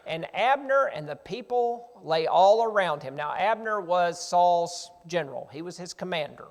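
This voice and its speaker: A man preaching a sermon. He reads scripture and retells it earnestly in plain modern words. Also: high voice. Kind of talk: sermon with Bible reading. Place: church sanctuary. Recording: reverberant church sanctuary.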